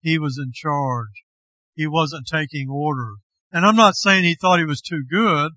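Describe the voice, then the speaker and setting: A man, a pastor, preaching a sermon slowly and with deliberate emphasis. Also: a little high, sharp tone, no echo, lo-fi sound.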